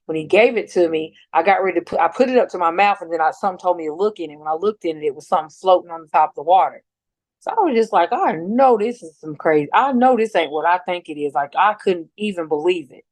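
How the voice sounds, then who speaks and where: A middle-aged woman slowly recounting a painful personal experience, halting and restarting often. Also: sits low, no echo. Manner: slow, halting retelling with many restarts and fillers. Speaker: mother telling her story as a guest. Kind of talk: emotional personal account.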